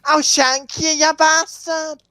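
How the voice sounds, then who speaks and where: A man's voice: very high voice, level tone, takes it slowly, pushed and bright, dry recording, studio quality, voice pushed up, heavily acted. A man with a Scottish accent doing the voice of a small, foul-mouthed schoolboy bully who snarls threats. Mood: aggressive.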